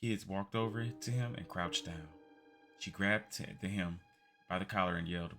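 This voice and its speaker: A man streaming, reading a text game aloud as a calm bedtime story with quiet asides. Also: fairly low pitch, normal speed, faint music behind.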